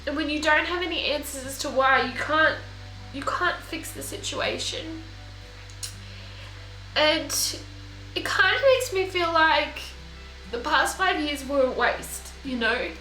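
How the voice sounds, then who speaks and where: A young woman talks to her camera in a personal video diary, her voice tearful and halting. The tone is bright and somewhat high. The room sounds echoey, with faint music underneath. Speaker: vlogger.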